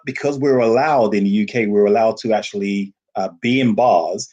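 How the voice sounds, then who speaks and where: A man with a low, slightly husky voice, speaking as a guest in a relaxed interview. He tells lively stories and laughs often as he talks. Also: normal speed, muffled recording. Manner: animated storyteller, laughs often. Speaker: rum festival founder, guest. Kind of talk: casual interview talk.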